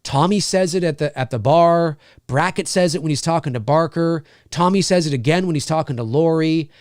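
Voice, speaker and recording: A man's voice: a little high, fairly quick, a little mellow, dry recording, clean studio sound. A man giving an unscripted spoken film review, thinking aloud and often restarting his sentences as he works out his opinion.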